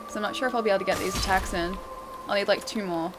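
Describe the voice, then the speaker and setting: A woman's voice: mid-range voice, steady tone, very fast. Chatty Australian woman streaming a game. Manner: chatty, laughs often, many fillers. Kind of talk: casual gameplay stream chat. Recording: game music behind the voice.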